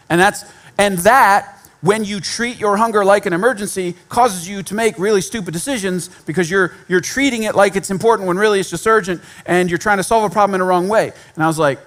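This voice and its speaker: A man's voice: sits high, fairly quick, fairly bright tone. A man giving a sermon in a conversational way, with self-deprecating humor and repeated points for emphasis. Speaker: pastor.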